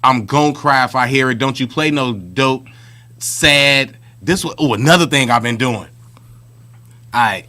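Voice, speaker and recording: A man's voice: medium pitch, unhurried, sharp tone. A man co-hosting a podcast, telling stories in a chatty, slangy, casual way. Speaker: podcast co-host. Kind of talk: casual chat.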